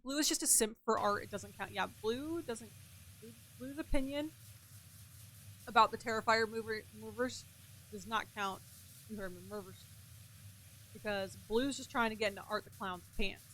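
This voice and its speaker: A woman's voice: fairly high pitch, moderate pace, long pauses, a bit bright, a little hiss or hum. A young woman streaming a game and chatting casually, talking freely, swearing, and answering her chat. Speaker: gaming streamer.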